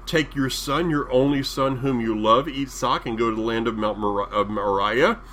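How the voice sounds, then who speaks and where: A man with a Southern US accent preaching a sermon, drawing out key phrases with deliberate emphasis. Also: mid-range voice, fairly bright tone, slight background noise.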